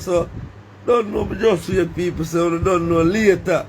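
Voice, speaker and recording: A man's voice: sits high, steady tone, normal speed, slight background noise. A man with a Caribbean accent chatting casually to his viewers in a rambling, Creole-tinged way, breaking into laughter and calling out to them. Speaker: vlogger.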